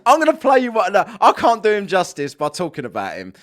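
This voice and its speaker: A man ranting and mocking as he reacts to a clip, swearing freely. His voice sits high, swoops widely and sounds bright and forceful. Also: huge pitch swings, fast. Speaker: podcast host. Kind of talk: reaction commentary.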